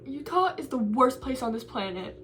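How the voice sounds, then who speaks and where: Young woman ranting through tears, super high voice, kinda far from the mic w some faint noise. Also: animated, moderate pace, a bit bright. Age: young adult. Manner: frustrated, rambling, repeats herself. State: tearful. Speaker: college student vlogger. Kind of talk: venting to camera.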